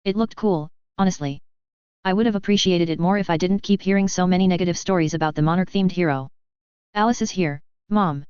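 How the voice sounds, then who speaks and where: A woman narrating a first-person story in a steady, even reading voice. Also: lowish voice, quick pace, clear, resonant tone, no room sound. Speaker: fan fiction reader. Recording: dry, slightly dull lo-fi recording.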